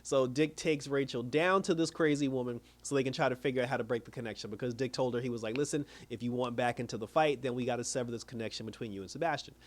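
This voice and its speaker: A man's voice: medium pitch, quick pace, hardly any pauses. A man casually recapping and reviewing a TV episode, chatty and laughing often as he retells scenes. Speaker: TV show reviewer.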